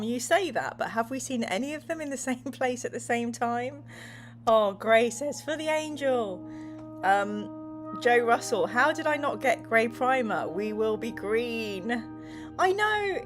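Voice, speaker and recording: A woman hosting a livestream, reading viewers' chat messages aloud and narrating a gamebook in a bubbly, giggly way. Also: fairly high pitch. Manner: giggly, laughs often, bubbly.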